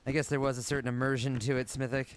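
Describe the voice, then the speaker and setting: A man streaming a game live, thinking out loud and swearing casually as he plays. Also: medium pitch, flat delivery, racing, a little hiss or hum. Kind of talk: live gameplay commentary.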